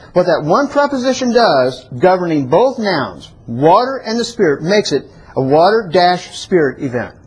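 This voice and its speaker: A man teaching a Bible class lecture, restarting and correcting himself often, then getting excited and rising sharply in pitch to stress his points. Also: normal speed, hardly any pauses, husky, poor audio.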